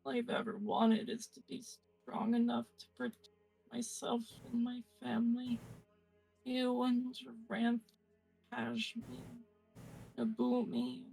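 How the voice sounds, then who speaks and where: A player voicing a weakened young undead woman who speaks softly, breathy and trailing off, close to fainting. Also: mid-range voice, little pitch movement, slow, soft background music, pitched above the performer's own voice, low-quality recording. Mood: weak, apologetic. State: faint and fading. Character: weakened young female undead, apologetic and frail.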